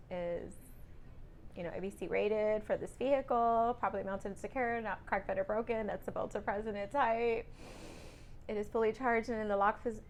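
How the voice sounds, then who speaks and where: A woman's voice: medium pitch, slight background noise. A woman talking in a casual vlog about her truck driving lessons, rambling and correcting herself as she goes.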